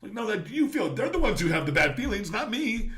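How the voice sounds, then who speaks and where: A middle-aged man hosting a podcast, telling stories in a casual, profane, animated way. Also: sits high, fairly quick. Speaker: podcast host.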